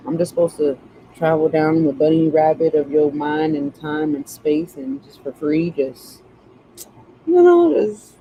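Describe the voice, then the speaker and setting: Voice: medium pitch, expressive, normal speed, warm tone, a little hiss or hum, rough recording. A tarot reader in casual live-stream chat, joking and chatty with plenty of slang.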